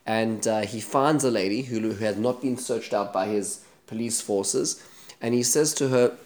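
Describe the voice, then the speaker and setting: A man's voice: fairly low pitch, moderate pace, darkish tone. Man retelling a Bible story. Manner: conversational retelling with many restarts and Hebrew terms. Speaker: Bible teacher. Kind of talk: Torah study lesson.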